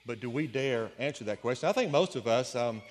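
A man's voice: medium pitch, animated, a little fast, big-room sound, a little hiss or hum. A man preaching a conversational sermon, with folksy storytelling asides. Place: church sanctuary.

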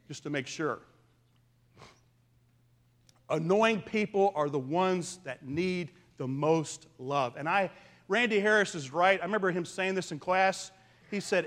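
High-voiced man preaching a sermon. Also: fairly bright tone. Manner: earnest storytelling with dynamic swings in volume. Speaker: pastor.

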